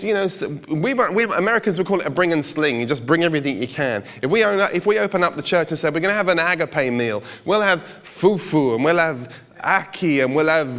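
A man preaching in a relaxed, conversational way, often asking the congregation questions and dropping playful asides. His voice sits a little high for a man, and it carries a long reverb from the hall around him. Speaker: pastor. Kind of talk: sermon.

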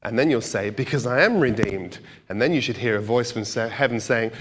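A man's voice: medium pitch, a little fast, a bit bright. A man preaching a sermon in a conversational way, putting questions to the congregation and making joking asides. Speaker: pastor. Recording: long hall reverb.

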